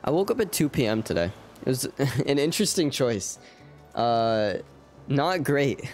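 In a sing-song, darkish voice of medium pitch and measured pace, a young man gives casual live commentary while streaming a game. He rambles, jokes about himself, and talks with viewers as faint game music plays.

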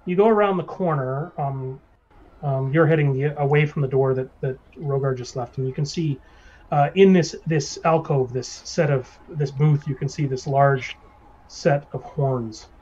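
A man's voice: medium pitch, normal speed, dark tone, husky, highs cut off. A man narrating as game master of a tabletop game, describing scenes with many fillers.

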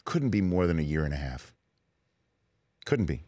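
Deep-voiced man telling a heartfelt story. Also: sing-song, normal speed, a little mellow, dry recording, clean studio sound. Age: 40s. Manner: earnest storytelling, emotional at times. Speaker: sports talk show host. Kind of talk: casual chat. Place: radio studio.

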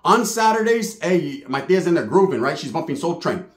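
Brief: high-pitched male comic storyteller, slangy and profane, recorded in an echoey room. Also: big pitch swings, moderate pace. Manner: slangy, profane, punchy asides. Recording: roomy echo.

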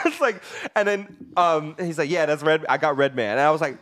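Man, podcast guest, casual chat, rambling, animated storytelling, laughs often. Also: on the high side, a little fast, no room sound, clean studio sound. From United States. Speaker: podcast guest, recording artist.

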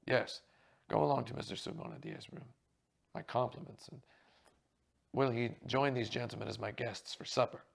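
A man reading as a booming, jovial stage actor. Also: fairly even intonation, moderate pace, gravelly, pauses often, slight background noise. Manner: breezy, booming and theatrical.

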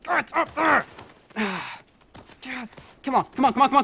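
A young man with a high, bright, forceful voice narrates his own gameplay. He curses nonstop and mutters to himself in constant frustration as he plays at home. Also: expressive, normal speed, creaky. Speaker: let's play host. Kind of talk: let's play commentary.

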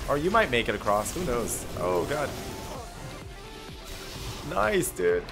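A man giving chatty, excitable commentary while he plays an online battle game, joking and calling "dude" and "man" often. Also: medium pitch, a little fast. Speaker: gameplay streamer. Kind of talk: live gameplay commentary. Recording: game music behind the voice.

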